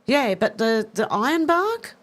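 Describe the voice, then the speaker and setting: A woman's voice: a little high, big pitch swings, measured pace. Chatty woman reading viewer comments. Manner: chatty and self-deprecating, laughs often, reads messages aloud and answers them. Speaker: livestream news host reading viewer comments. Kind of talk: casual live-stream chat.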